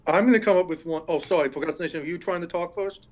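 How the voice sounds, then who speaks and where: A man's voice: a little high, very fast. A man joining a casual panel discussion over voice chat, talking in an eager, loose way. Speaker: panel guest.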